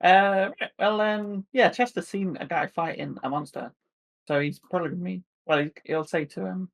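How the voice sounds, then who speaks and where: A man playing a tabletop game, thinking out loud as he decides his character's moves. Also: sits high, vocal fry. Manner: slow, thinking aloud, laughs often. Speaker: player. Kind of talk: casual tabletop play.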